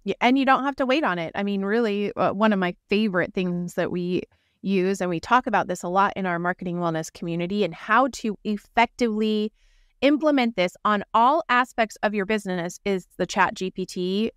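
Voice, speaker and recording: A woman co-hosts a casual podcast, her voice smooth and resonant. She talks in an animated way and slips into other voices when she quotes someone. The sound is dry and close. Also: medium pitch, no echo. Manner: animated, acts out quoted remarks in a changed voice. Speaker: podcast co-host. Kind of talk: casual conversational podcast chat.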